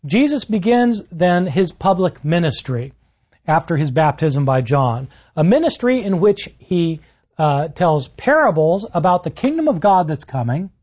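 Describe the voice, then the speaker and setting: A man giving a lecture in a fairly high, very lively voice that swings up for quoted lines and drops low to close them. He tells the story with energy and pauses on "uh" as he thinks. The recording sounds a bit dull and lo-fi. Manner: animated storytelling, rises for quotes, frequent "uh" fillers. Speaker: lecturer on the gospels. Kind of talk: university-style lecture.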